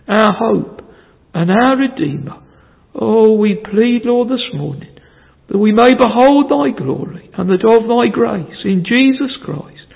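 High, gravelly preacher praying in a hall. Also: male voice. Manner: fervent pleading in old-fashioned "thou" language, broken into short phrases. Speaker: minister. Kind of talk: extempore pulpit prayer. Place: church. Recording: tinny phone-like sound with long hall reverb.

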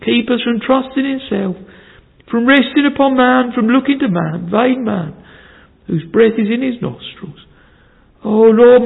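A minister pours out a pleading pulpit prayer in old "thou" language, his voice very high and husky with a gravelly edge. It comes through a thin, tinny, phone-like recording with a long reverb tail from the church hall. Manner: fervent pleading in old-fashioned "thou" language, broken into short phrases.

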